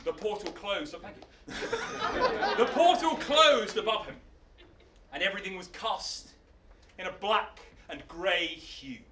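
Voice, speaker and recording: A man telling a myth on stage in a playful, animated live storytelling style. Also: high-pitched, slow, long pauses, recorded from a distance, background noise. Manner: animated, playful, laughing asides. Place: arts centre stage, live show. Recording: roomy hall, mic from afar.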